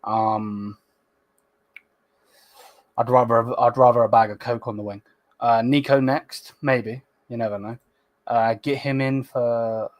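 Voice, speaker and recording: A man hosting a fan livestream, reading chat comments in a casual, slangy way and bursting into loud, sweary excitement. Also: mid-range voice, slow pace, pauses often, dry recording. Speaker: fan channel host.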